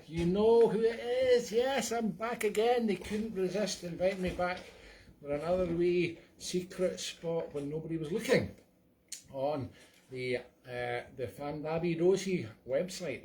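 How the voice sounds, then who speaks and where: A man's voice: on the high side, dark tone, slight background noise. A Scottish man doing a hammy comic impression of a singer, chatting in self-mocking showman banter between songs. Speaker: comic entertainer.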